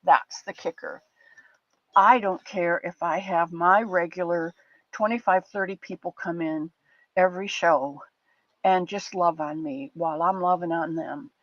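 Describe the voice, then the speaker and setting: A woman's voice: fairly low pitch, steady tone, unhurried, dry recording. Older woman host, affectionate rambling chat, dry lo-fi stream audio. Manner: chatty, affectionate, rambling with restarts. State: a bit teary. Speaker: livestream host. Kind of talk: casual chat with live chat viewers. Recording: dull lo-fi dry sound.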